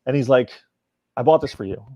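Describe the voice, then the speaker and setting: A man's voice: mid-range voice, a little fast, no echo. Man telling a story over a dull, dry line. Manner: animated storyteller acting out quoted dialogue. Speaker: guest, comic book writer. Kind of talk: casual anecdote in a podcast interview.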